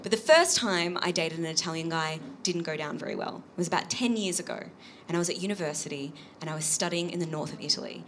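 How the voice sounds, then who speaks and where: A woman's voice: on the low side, fast, fairly bright tone, slight background noise. A woman in her thirties with an Australian accent, performing a chatty stand-up set on a live comedy stage. She keeps dropping "right?" as a tag at the end of her lines.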